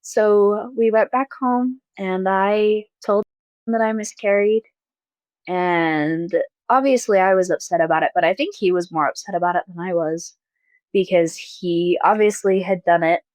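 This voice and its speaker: A young woman telling a painful personal story as a podcast guest, halting and soft, with pauses and fillers. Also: medium pitch, no echo, poor audio.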